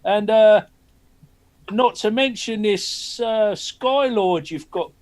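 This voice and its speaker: A man's voice: high-pitched, slow, darkish tone. A man playing his character in a tabletop game, chatty and a bit hesitant. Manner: friendly, colloquial, hesitant. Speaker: player. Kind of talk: in-character tabletop role-play.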